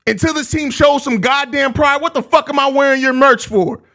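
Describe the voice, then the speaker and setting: A man's voice: very high-pitched, moderate pace, bright, forceful tone. A young man with a Chicago accent hosting a live postgame show, ranting heatedly and cursing. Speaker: podcast host.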